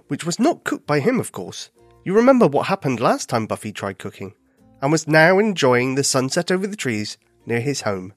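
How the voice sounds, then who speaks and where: A man narrating a children's bedtime story in a gentle, expressive manner. His voice moves through a wide, lively range of pitch. It sounds close and dry, with no room echo.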